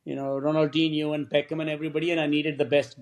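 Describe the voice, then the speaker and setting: Brief: older male director guest, high voice, animated anecdotes, acts out dialogue, laughs a lot. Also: quick pace. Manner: animated storyteller who acts out quoted dialogue; laughs often while talking. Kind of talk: podcast interview storytelling.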